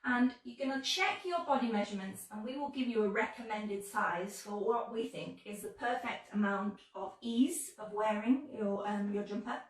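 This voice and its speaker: A woman's voice: medium pitch, normal speed, hardly any pauses. Upbeat English woman on a live stream. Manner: chatty and upbeat, greets viewers warmly. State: slightly under the weather. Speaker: sewing brand ambassador hosting a live stream. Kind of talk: live-streamed sewing tutorial. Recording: echoey room, mic at a distance.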